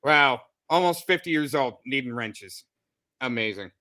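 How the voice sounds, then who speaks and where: A man's voice: mid-range voice, lively intonation, measured pace, sharp tone. A man making sarcastic, mocking remarks in casual stream commentary.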